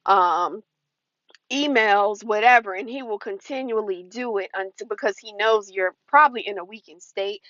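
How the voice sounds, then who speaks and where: A woman's voice: medium pitch, dry recording. Woman giving earnest warnings, dull recording. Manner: earnest, warning, acts out quoted lines. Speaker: advice vlogger. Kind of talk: casual advice talk to camera.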